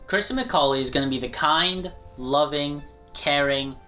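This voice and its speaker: A man casually pitches his animated show, joking and chatting as he goes. His voice is bright and forceful, with an energetic, conversational delivery. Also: a little slow, soft background music.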